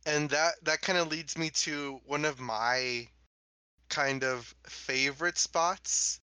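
A young man chatting casually as a podcast co-host, laid-back with lots of fillers and quick bursts of speech. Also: on the high side, steady tone, pushed and bright, clear, resonant tone, no room sound, low-quality recording. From Los Angeles area. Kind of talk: casual chat.

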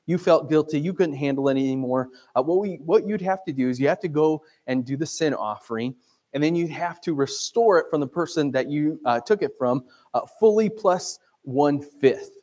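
A middle-aged male pastor preaching a sermon in a conversational, animated way, acting out quotes. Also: fairly high pitch.

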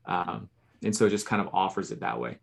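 A fairly low-voiced man, earnest and a bit halting, talking over his poems in a casual podcast. He restarts his sentences often as he feels his way. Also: expressive, gravelly. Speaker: poet and podcast co-host.

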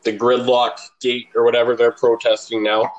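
A man's voice: mid-range voice, completely flat delivery, normal speed, dull audio, slight background noise. A man in casual chat, rambling and crude, swearing often.

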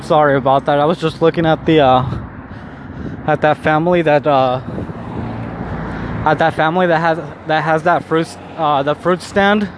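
A man's voice: fairly high pitch, steady tone, normal speed, long pauses, background noise. A man talking casually to the camera outdoors, rambling with many restarts, swearing and laughing often. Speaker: vlogger.

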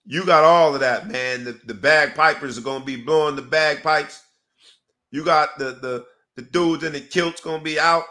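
A man co-hosting a relaxed sports talk show, his voice bright and forceful. He talks in an animated, hype-building way and strings together long, rambling pleas to the audience. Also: on the high side, moderate pace. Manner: rambling sign-off with repeated pleas. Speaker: podcast co-host.

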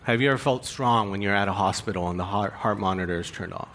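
A man preaching to his congregation in a somewhat low voice. He speaks earnestly and openly about his own feelings. He presses his points with repeated rhetorical questions. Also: fast, fairly bright tone, a little hiss or hum. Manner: earnest, confessional, rising emphasis with rhetorical questions. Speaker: pastor. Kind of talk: sermon.

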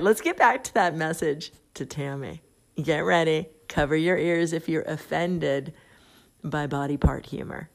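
A woman's voice: deep voice, gravelly. Middle-aged woman hosting a chatty podcast. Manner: chatty, laughs often at her own reading. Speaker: podcast host. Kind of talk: casual podcast talk, reading an article aloud. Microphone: phone app.

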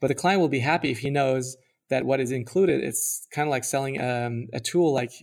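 A man's voice: mid-range voice, fairly quick, vocal fry. A young man co-hosting a podcast in casual chat, rambling with lots of fillers and restarts. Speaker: podcast co-host.

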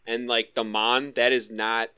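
A man's voice: medium pitch, flat delivery, a little slow, crowd noise. A man hosting a casual podcast, rambling and laughing often, correcting himself as he goes. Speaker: podcast host. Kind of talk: casual chat.

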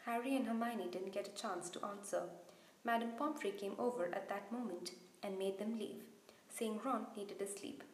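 A woman reading a children's novel aloud in an expressive storytelling manner, in a roomy-sounding recording. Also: mid-range voice, normal speed. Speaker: reader. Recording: roomy echo.

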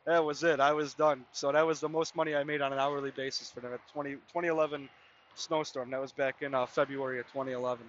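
A man's voice: medium pitch, level tone, quick pace, a bit bright, muffled recording, slight background noise. A man in his mid-twenties hosting a podcast, telling a casual, rambling story full of "I mean" and "you know". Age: mid-20s. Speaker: podcast host.

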